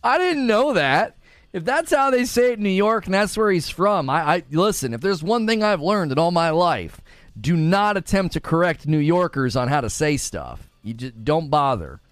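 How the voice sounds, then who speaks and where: A man's voice: a little high, animated, normal speed, no room sound. A man hosting a casual gaming livestream, reading chat aloud and laughing often as he talks. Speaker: livestream host.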